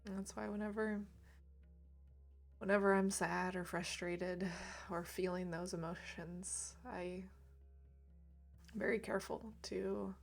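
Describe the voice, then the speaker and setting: A woman speaking gently and reflectively on a livestream about emotions, laughing lightly now and then. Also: medium pitch, steady tone, a little slow, vocal fry, long pauses, faint music behind. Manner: soft, reflective, laughs lightly, drops to near whisper at times. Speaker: reiki streamer. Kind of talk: gentle spiritual talk on a livestream.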